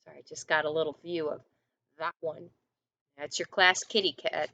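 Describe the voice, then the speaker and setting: A woman teacher reading a picture book aloud to first graders in an online lesson, gently asking the children questions. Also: low voice, steady tone, moderate pace, muffled recording.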